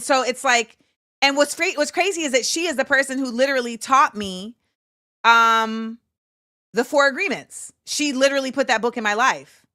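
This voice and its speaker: A woman, hosting a show and telling a story in a casual, animated way. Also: a little high, no room sound, studio quality. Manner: animated, acts out quoted voices, laughs often. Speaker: show host.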